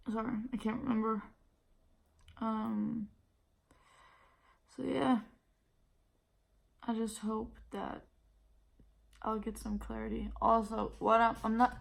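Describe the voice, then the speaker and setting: Blunt, gravelly-voiced young woman venting. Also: on the high side, little pitch movement, slow pace, pauses often. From Denmark. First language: Danish. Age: 20s. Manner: blunt and profane, quoting others in raised voices. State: tired and nauseous. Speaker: vlogger. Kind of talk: casual venting to camera.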